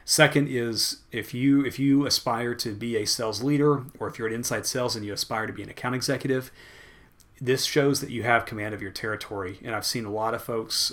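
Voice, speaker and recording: A man's voice: lowish voice, fairly bright tone. A man co-hosting a podcast in an easygoing way, thinking aloud as he shares stories. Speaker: podcast co-host. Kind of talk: casual podcast chat.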